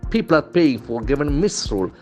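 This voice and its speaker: A male English trainer, not a native speaker, teaching pronunciation in a lesson, repeating words slowly and stressing their syllables. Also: fairly high pitch, sing-song, darkish tone, soft background music. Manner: stock phrases "okay, see", "very interesting".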